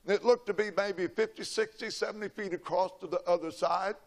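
Folksy older preacher, high voice. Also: male voice, fairly even intonation, a little fast. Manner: folksy, dramatic storytelling, shouting quoted lines. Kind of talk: sermon with a personal story.

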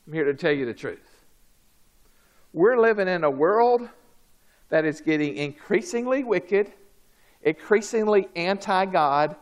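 A man preaching a sermon, swinging from loud, high outbursts down to low, quiet lines.

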